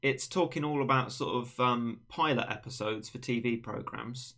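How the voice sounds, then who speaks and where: A man's voice: medium pitch, moderate pace, bright, forceful tone. A young man hosting a casual livestream chat, rambling and teasing his friend in a playful way. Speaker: livestream host.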